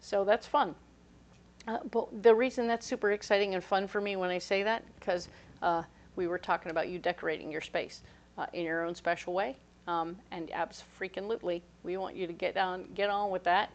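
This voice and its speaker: A woman giving a casual, playful tarot reading, chatty and full of quick asides. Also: on the low side, steady tone. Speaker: tarot reader.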